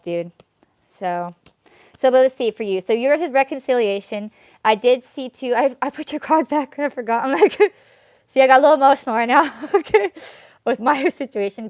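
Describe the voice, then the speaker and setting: A woman's voice: medium pitch, clear, resonant tone, no room sound. A woman hosting a live tarot reading stream who rambles and vents, filling her talk with "like" and "you know what I mean.". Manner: rambling, venting, heavy use of fillers such as "like" and "you know what I mean". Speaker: tarot reader.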